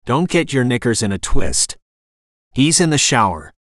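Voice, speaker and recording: A man reading the lines of a blunt, impatient female psychic in an audiobook, brisk and exasperated. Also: medium pitch, sing-song, fairly bright tone, dry recording, studio quality.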